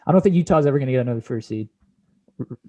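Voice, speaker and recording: A man's voice: mid-range voice, expressive, racing, lo-fi sound, crowd noise. A young man co-hosting a sports podcast, brash and opinionated, casually swearing as he talks playoff picks.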